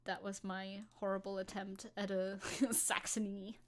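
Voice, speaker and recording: A woman's voice: mid-range voice, little pitch movement, a little slow. A woman VTuber chatting sarcastically through news on a livestream, laughing often. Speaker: VTuber streamer.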